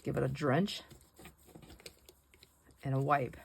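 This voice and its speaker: A woman's voice: a bass voice, fairly even intonation, takes it slowly, vocal fry, a little hiss or hum. A middle-aged woman chatting casually while she paints, rambling and laughing often. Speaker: craft vlogger.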